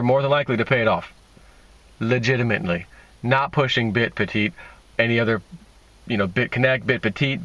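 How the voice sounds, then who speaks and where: Sarcastic man with a bright, dry voice. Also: fairly high pitch, no echo, lo-fi sound. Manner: sarcastic, mocking, rambling. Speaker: crypto video host. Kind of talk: casual opinion monologue.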